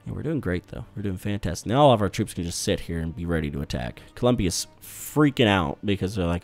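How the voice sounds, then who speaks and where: Young us guy playing a strategy game, lowish voice that jumps all over, cussing casually, faint music behind. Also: expressive, fast, few pauses. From United States. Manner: loose, swearing, chatty thinking aloud. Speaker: gaming YouTuber. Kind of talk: strategy game let's play commentary.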